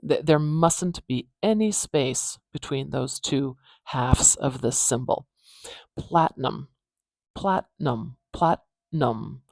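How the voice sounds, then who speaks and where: A phonetics teacher giving a pronunciation lesson, repeating words slowly to demonstrate each sound, with pauses and fillers. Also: medium pitch, lively intonation, gravelly, a little mellow, dry recording.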